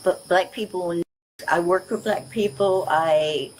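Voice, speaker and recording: A woman's voice: lowish voice, a little slow, rough recording. An older woman rambling and complaining insistently to a police officer, recorded on a bodycam. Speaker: resident questioned by police. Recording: outdoor bodycam audio with faint noise.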